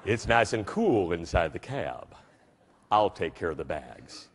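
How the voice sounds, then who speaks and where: A man voicing a calm, welcoming Texan cab driver with a slow, very low drawl. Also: breathy edge, full character voice. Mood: easygoing.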